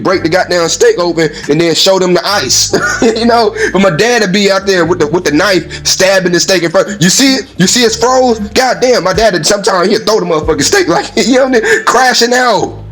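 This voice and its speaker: A man talking casually and at length, telling everyday stories in an animated way, acting out other people's voices and laughing often. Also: high-pitched. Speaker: speaker in a played clip. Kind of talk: casual storytelling monologue.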